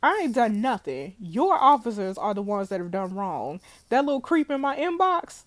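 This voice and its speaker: A woman's voice: fairly high pitch, sing-song, moderate pace, dry recording. A woman reading the lines of a defiant young female suspect refusing to cooperate in an interrogation. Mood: angry. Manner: defiant, curt.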